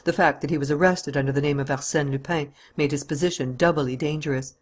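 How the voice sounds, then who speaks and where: A man's voice: fairly high pitch, steady tone, fast talker. A man narrating a classic adventure novel as an audiobook reader.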